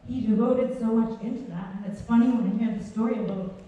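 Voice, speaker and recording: A woman's voice: fairly high pitch, steady tone, fairly quick, mellow, dull audio. A woman giving an informal, heartfelt eulogy at a dance community gathering, telling stories and laughing as she goes. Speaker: speaker at a memorial tribute. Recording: echoey hall from far off, faint background noise.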